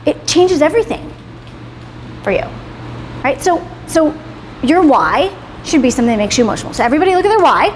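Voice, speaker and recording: The class leader is a woman in her thirties whose high voice is very animated, a little fast and marked by long pauses. She runs a motivational session emphatically, swearing freely and finishing points with "right?", in a reverberant salon inside a roomy hall with faint background noise.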